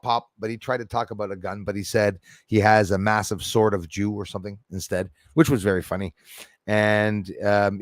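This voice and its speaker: Here a man with a mid-range voice hosts a casual livestream, recorded dry with clean studio sound. Chatty and laughing, he reads the comments aloud and pokes fun at himself.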